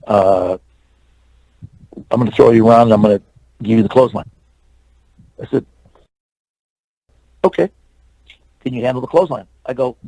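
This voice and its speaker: A man's voice: medium pitch, unhurried, vocal fry, long pauses, mellow, no room sound, rough recording. A man in his sixties from California, an interview guest telling a long anecdote and acting out the dialogue, with many fillers and restarts. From California, USA.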